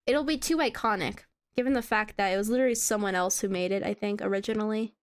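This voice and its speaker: A woman's voice: mid-range voice, quick pace, clean tone. A woman streamer chatting casually to her viewers while she draws, laughing often and humming along to music. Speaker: VTuber streamer. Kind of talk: casual live-stream chat while drawing.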